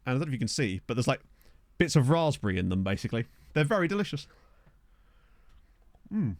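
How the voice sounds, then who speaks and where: A man's voice: medium pitch, very animated, fast talker, no room sound. A young man chatting casually through a game livestream, jokey, sometimes eating as he talks. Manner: chatty and jokey, talking with his mouth full, laughing often. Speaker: streamer. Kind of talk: casual gaming livestream chat. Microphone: desk microphone.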